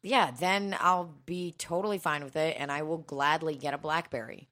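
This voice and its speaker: A woman's voice: low voice, steady tone, moderate pace, a bit bright. A woman co-hosting a podcast, chatting casually, teasing and swearing with frequent laughs. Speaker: podcast co-host. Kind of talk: casual chat.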